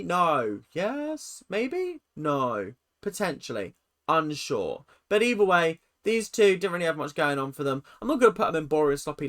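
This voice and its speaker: Animated, sarcastic ranter. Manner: animated, sarcastic, jumping pitch. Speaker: YouTube commentator. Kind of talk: ranting reality-TV ranking commentary.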